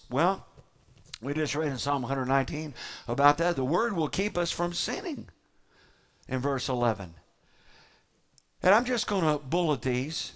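A man delivering a sermon as a pastor, preaching emphatically with dramatic pauses and repetition. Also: high-pitched, fairly bright tone.

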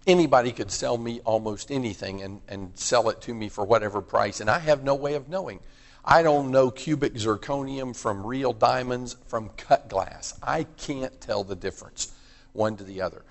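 Emphatic preacher in a reverberant hall. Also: male voice, medium pitch, normal speed, creaky. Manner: conversational, emphatic, asks the audience questions. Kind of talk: sermon.

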